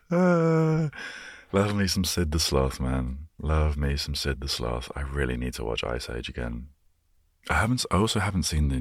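A man with a remarkably low voice drifts from thought to thought in relaxed, soft-spoken chat. The sound is dry and close. His easygoing delivery is meant to help listeners unwind. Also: husky, no room sound. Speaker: host.

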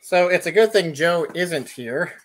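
A man's voice: fairly high pitch, expressive, a little slow. A man guest in casual chat, chatty and chuckling as he shows new arrivals.

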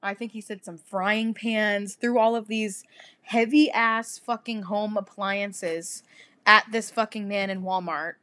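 Young woman telling a crude, animated story. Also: medium pitch, takes it slowly. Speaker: podcast co-host. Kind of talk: casual chat.

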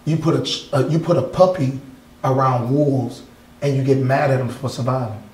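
A man's voice: mid-range voice, fairly even intonation, moderate pace, darkish tone, roomy sound, poor audio. A male artist from Wisconsin talking in a casual interview in an art gallery, blunt and heated, swearing freely. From Wisconsin, USA. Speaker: artist guest.

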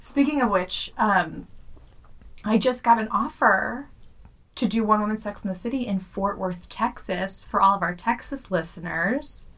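A woman in her thirties co-hosting a podcast, bubbly and quick to laugh, swearing casually. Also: mid-range voice, a bit bright. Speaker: podcast co-host. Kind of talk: casual chat.

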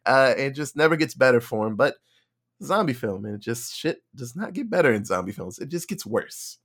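A man hosting a podcast in casual chat, lively and swearing, acting out characters. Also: mid-range voice, normal speed. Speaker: podcast host.

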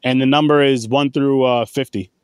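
A man hosting a casual movie podcast, talking in an animated, rambling way and swearing freely. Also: mid-range voice, normal speed, smooth, no room sound, clean studio sound. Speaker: podcast host. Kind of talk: casual chat.

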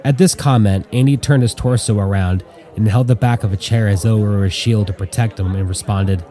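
A man narrating an audiobook in an even, measured way. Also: on the low side.

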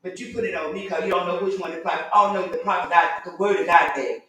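A woman's voice: on the low side, fast talker, fairly bright tone. Echoey folksy woman teaching Sunday school. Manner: conversational, folksy, acts out quoted voices. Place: church room. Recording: very echoey room, voice from far off.

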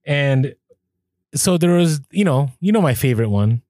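In clean studio sound with no echo, a man whose voice is on the high side co-hosts a podcast at normal speed. He chats casually and spins stories, acting out each quoted exchange with animation.

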